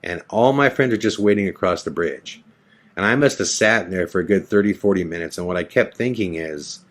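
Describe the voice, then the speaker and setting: A man's voice: sits low, moderate pace, a bit bright. A man hosting a podcast, telling a personal story in a dramatic way and acting out the lines of the people in it. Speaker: podcast host.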